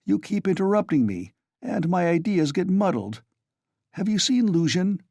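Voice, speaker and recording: A sickly young man pushed to the edge, snapping short commands in a raised, strained voice, as a male reader puts him on. The tone is dark and close, with sharp swings in pitch. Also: big pitch swings, moderate pace, gravelly, no room sound, heavily acted. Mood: irritable. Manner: snapping, insistent.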